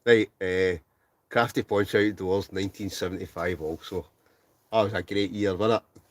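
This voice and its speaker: A man's voice: deep voice, fairly even intonation, moderate pace, no echo. A Scottish man in his forties hosting a casual livestream, reading out viewers' comments, laughing often and mumbling a bit. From Scotland. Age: 40s. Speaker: livestream host. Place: inside a tent.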